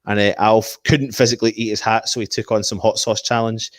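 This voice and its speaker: A man runs a casual live stream for fellow fans. His voice sits low and he talks animatedly, reading comments and tossing out predictions. The sound is dry and close. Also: a little fast, dry recording. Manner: animated, reads out viewer comments. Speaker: host of a fan channel live stream.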